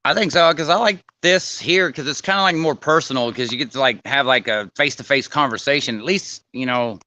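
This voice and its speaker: A man's voice: mid-range voice, fairly quick, sharp tone, no room sound. A man from California co-hosting a casual online chat, laid-back with a country drawl and slang. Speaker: co-host. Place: video call.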